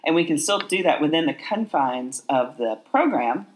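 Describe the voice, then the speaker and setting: A woman's voice: low-pitched, lively intonation, moderate pace, slight background noise. A woman in her fifties co-hosting a podcast, chatting in an upbeat, encouraging way. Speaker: podcast co-host. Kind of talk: casual chat.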